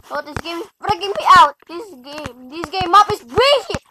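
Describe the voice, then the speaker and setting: A young gamer talking through a frustrating game, muttering and yelling in exasperation. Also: very high voice, expressive, moderate pace, background noise. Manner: frustrated, exclaiming, mutters to self. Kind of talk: gaming commentary. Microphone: tablet mic.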